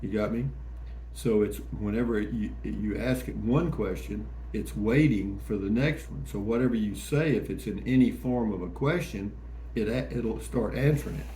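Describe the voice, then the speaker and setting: A man's voice: lowish voice, moderate pace, mellow. Folksy man in an echoey room. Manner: folksy, rambling and jokey. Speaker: vlog host. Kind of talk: casual morning chat to camera. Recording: echoey room with faint ambient noise.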